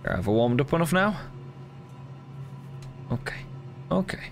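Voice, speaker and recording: A man streamer giving casual commentary while playing a horror game, excitable, swearing often and chatting with his viewers. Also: fairly high pitch, a little slow, creaky.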